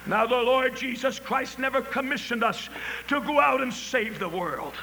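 A very high, bright male voice, preaching with fervor. He rises to ringing shouts and drops to quiet storytelling. The sound rolls through a long hall reverb with a faint hiss behind it. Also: normal speed, vocal fry. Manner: impassioned, swings from shouts to hushed storytelling. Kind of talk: revival sermon.

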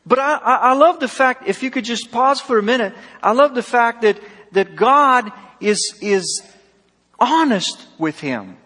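High husky preacher in a big hall. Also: male voice, expressive, unhurried, bright, forceful tone. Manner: emphatic, rising and falling sharply, acts out dialogue. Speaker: pastor. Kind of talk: sermon. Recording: long hall reverb.

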